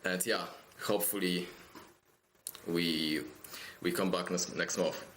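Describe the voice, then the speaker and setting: Halting low-voiced young esports player. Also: male voice, fairly even intonation, a little hiss or hum. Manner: halting, repeats words, soft-spoken. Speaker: winning esports player interviewed. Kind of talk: post-match interview.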